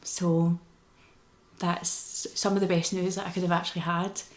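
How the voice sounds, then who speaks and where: A woman's voice: on the low side, flat delivery, measured pace, roomy sound. A woman with a Scottish accent giving a casual personal update to her vlog, telling her story in an earnest, emotional way. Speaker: vlogger.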